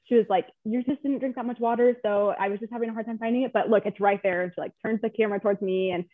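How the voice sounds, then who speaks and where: A woman's voice: on the high side, fairly even intonation, very fast, no room sound. A young woman in a casual interview, telling her story in a chatty, emotional way with lots of fillers. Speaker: guest. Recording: tinny phone-like line.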